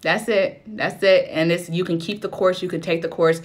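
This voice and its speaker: A woman's voice: on the low side, fairly even intonation, normal speed. A woman in her thirties hosting a live stream as a self-love coach, preaching, encouraging and greeting viewers by name. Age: 30s.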